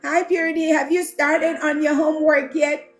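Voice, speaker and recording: Over background music, a livestream host who mentors home care business owners chats casually with her audience. Her voice sits high and level at a moderate pace as she reads their comments, greets each by name and laughs plenty.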